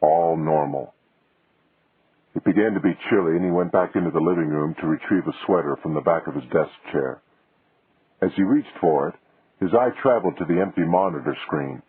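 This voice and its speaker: A man narrating a mystery audiobook in a steady, husky voice. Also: deep voice, a little fast, no room sound, narrow, tinny audio. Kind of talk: scripted narration.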